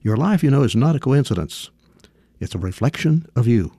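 A man's voice: medium pitch, big pitch swings, brisk, mellow, no room sound, studio quality. A man giving a folksy radio commentary, telling a parable and acting out its voices. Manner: folksy storyteller, acts out quotes.

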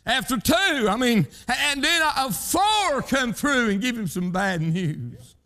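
A man's voice: very high voice, expressive, unhurried, bright, forceful tone. A man preaching a sermon in rhythmic, emphatic bursts, punctuated with "hey" and "huh" calls to the congregation, in plain country speech.

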